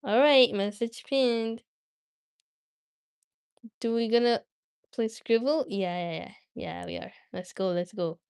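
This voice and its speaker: Woman streamer, casual and giggly, unhurried delivery, dry close sound. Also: on the high side, creaky, darkish tone, clear, resonant tone, no echo. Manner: chatty and giggly, talks straight to viewers. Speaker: livestream host. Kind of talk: casual livestream chat.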